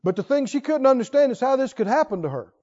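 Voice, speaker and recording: A man preaching a sermon, telling stories and shifting between hushed asides and loud, emphatic lines. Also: extremely high pitch, very animated, fast, long reverb tail. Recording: dull lo-fi recording.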